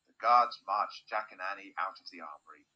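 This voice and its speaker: A male teacher reading a children's chapter book aloud with expressive narration. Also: deep voice, a little fast, rough recording.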